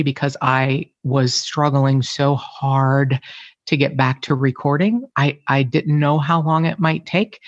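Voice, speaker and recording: A woman's voice: rumbling low, no room sound. A woman podcast host being interviewed from home, talking candidly and emotionally, swearing freely and laughing often. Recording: dry, slightly dull lo-fi sound.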